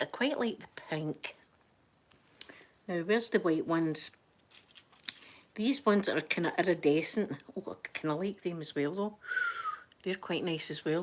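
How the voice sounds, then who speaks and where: A Scottish woman chatting softly for a live ASMR stream, easy and rambling, slipping now and then into whispers, close to the microphone. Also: fairly low pitch. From Scotland. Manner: soft-spoken, chatty, drifting into whispers. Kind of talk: soft-spoken ASMR chat.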